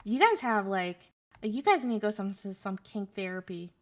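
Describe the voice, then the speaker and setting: A woman's voice: mid-range voice, sing-song, normal speed. A young woman streamer chatting casually with her audience, sarcastic and joking as she answers chat.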